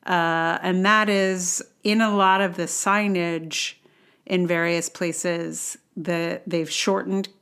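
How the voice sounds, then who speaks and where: Woman podcast host from New York, slow and unhurried, lowish voice, rambling chatty monologue. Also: level tone, vocal fry, fairly bright tone, clean tone. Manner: rambling, chatty, self-deprecating asides.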